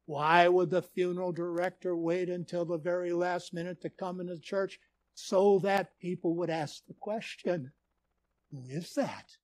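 A man's voice: high-pitched, little pitch movement, normal speed, no echo. A man from Minnesota preaching a sermon as a pastor, telling stories earnestly with dramatic emphasis. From Minnesota, USA.

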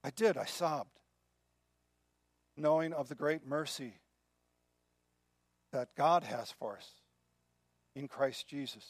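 A man preaching a sermon in an earnest way, often dropping to a soft, quiet voice. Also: a little high, takes it slowly, long pauses, no room sound, clean studio sound. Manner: earnest, drops to soft quiet tones when moved. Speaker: pastor.

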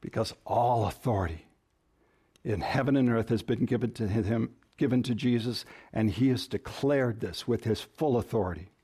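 A man's voice: medium pitch, normal speed, dark tone, slightly rough. A man preaching a sermon as pastor, emphatic, shifting his stress and pace to drive points home.

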